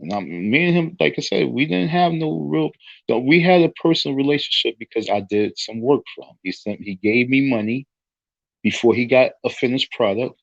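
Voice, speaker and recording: A man's voice: medium pitch, expressive, moderate pace, vocal fry, dry recording, muffled recording. A man telling a rambling story in a casual monologue, often restarting his sentences. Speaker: online talk show host.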